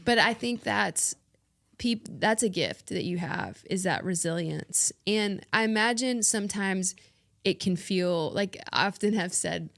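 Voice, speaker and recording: A woman's voice: mid-range voice, measured pace, creaky, fairly bright tone, no room sound, studio quality. A woman co-hosting a podcast, chatting casually and earnestly with friends, affirming them and laughing often. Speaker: podcast co-host. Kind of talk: casual chat among friends.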